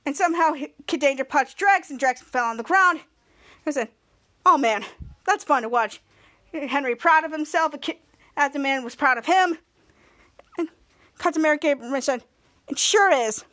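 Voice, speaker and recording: A woman's voice: sits high, moderate pace, long pauses, a bit bright. A woman hosting a podcast, retelling a TV episode in a rambling casual way, often repeating herself. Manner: rambling, repeats "somehow" and "cut to". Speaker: podcast host.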